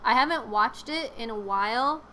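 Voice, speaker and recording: A woman's voice: fairly high pitch, lively intonation, normal speed, sharp tone, a little hiss or hum. A young woman chatting casually on a live stream, rambling with lots of fillers and giggles.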